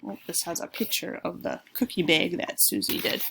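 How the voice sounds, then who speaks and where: A woman's voice: lowish voice, normal speed, gravelly, background noise. A woman reading a children's chapter book aloud, friendly and speaking directly to her listeners.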